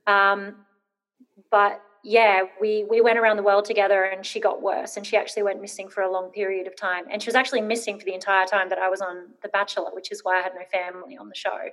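A woman's voice: mid-range voice, level tone, quick pace, a bit bright. A woman in her thirties, an interview guest telling a personal story, hesitant with many ums and rambling when nervous.

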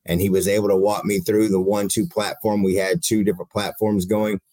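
A man with a fairly low voice tells an animated, exasperated story, acting out both sides of a phone call. The sound is dry and close, with little room around it. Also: brisk, dry recording. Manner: lively, exasperated, acts out quoted dialogue. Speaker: guest telling a rant.

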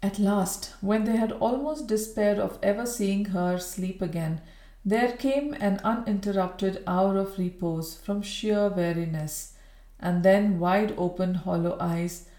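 A woman narrates a Victorian novel in a steady, measured reading voice of middle pitch. Her voice sits in a roomy, echoing space. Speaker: audiobook reader. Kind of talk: storybook narration. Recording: roomy echo.

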